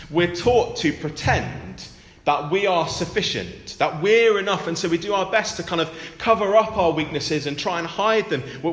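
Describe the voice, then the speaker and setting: A man's voice: a little high, a bit bright, reverberant, long reverb tail. A man preaching a sermon in a conversational way, with rhetorical tag questions and emphatic repetition.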